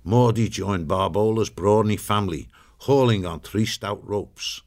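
A man narrating a storybook in a steady, measured way. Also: fairly low pitch, vocal fry.

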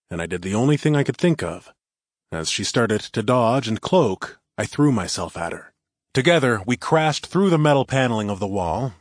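A man narrates a first-person audiobook in a wry, conversational manner. His voice sits on the low side. The recording is dry and close, with no room sound. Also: dry recording.

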